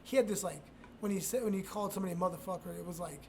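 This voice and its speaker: Man, middle-aged, casual interview, rambling and profane, raspy fry, light background hiss. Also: high voice, rapid-fire, mellow. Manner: profane, rambling, frequent restarts and laughs. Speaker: retired MMA fighter telling stories.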